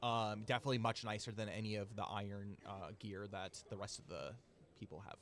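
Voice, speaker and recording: A man with a fairly low voice runs a tabletop game as game master. He describes places and characters in loose, rambling narration full of fillers and restarts. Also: fairly even intonation, a little fast, fairly bright tone.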